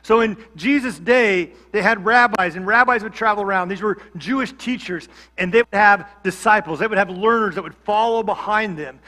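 Bright, high-voiced male pastor preaching. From Georgia, USA. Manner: conversational, humorous asides. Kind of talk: sermon.

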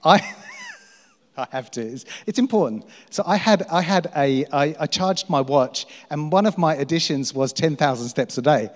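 A man's voice: on the high side, expressive, normal speed. Man preaching in a reverberant hall. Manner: storytelling, self-mocking and laughing. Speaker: pastor. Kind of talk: sermon.

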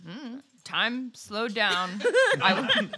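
A woman co-hosting a podcast, telling a story in casual chat, animated and laughing often, swearing and acting out what people said. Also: mid-range voice, drawn-out words, heavy background noise. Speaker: podcast co-host.

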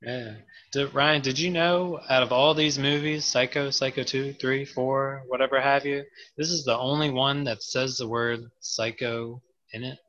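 A man hosting a podcast, chatty and quick to laugh in casual banter. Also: medium pitch, steady tone, a bit bright, lo-fi sound. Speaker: podcast host.

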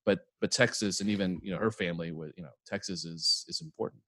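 A man's voice: low-pitched, quick pace, sharp tone, no room sound. A man co-hosting a podcast in casual chat, agreeable and prone to wandering anecdotes. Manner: agreeable, frequent "yeah", digressive anecdotes. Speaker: podcast co-host.

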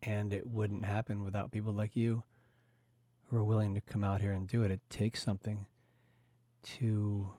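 A male podcast host with a lowish, mellow voice, speaking earnestly and reflectively. He circles his thoughts with frequent fillers. The sound is dry and close. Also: little pitch movement, normal speed, long pauses, dry recording. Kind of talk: casual podcast conversation.

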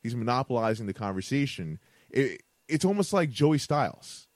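A man's voice: mid-range voice, big pitch swings, normal speed, a little mellow, no echo. A man co-hosting a casual podcast, often stumbling and repeating words as he thinks aloud. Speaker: podcast co-host. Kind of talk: casual chat.

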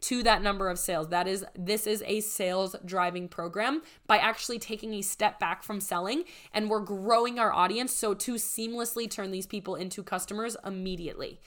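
A young woman business coach giving an enthusiastic, persuasive sales pitch, her voice strained and close to giving out. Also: steady tone, a little fast, hardly any pauses, fairly bright tone. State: strained, nearly losing her voice. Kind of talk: promotional podcast monologue.

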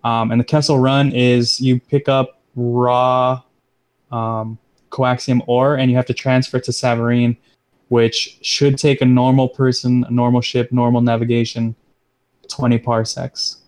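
Flat-voiced man hosting a review. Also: medium pitch, clear, resonant tone. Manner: steers the discussion, even and measured. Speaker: podcast host. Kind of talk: casual movie review chat.

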